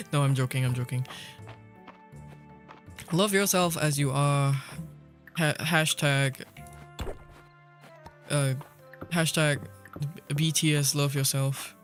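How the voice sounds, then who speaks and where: A man's voice: on the high side, animated, slow, long pauses, a bit bright. Chatty, playful young-sounding man streaming. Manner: chatty and playful, swears casually, laughs often. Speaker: livestreamer. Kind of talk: casual game-stream chat. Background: faint background music.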